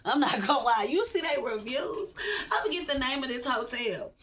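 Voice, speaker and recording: Woman, casual storytime vlog, high voice, talks straight to viewers. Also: moderate pace. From Texas, USA. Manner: animated, chatty, laughs often, addresses viewers directly. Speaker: vlogger.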